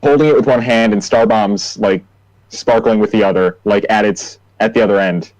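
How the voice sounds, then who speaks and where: A man's voice: on the low side, fairly even intonation, moderate pace, a little mellow, no room sound, rough recording. A man playing a tabletop role-playing game, playfully describing his character's actions. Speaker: player.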